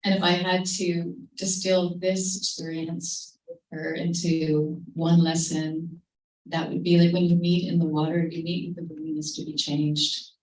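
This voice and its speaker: A woman giving a reflective storytelling talk to a live audience at a creative event, telling a story gently and quoting what she said along the way. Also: lowish voice, little pitch movement, unhurried. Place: event venue, roomy hall. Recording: roomy livestream audio from a distance.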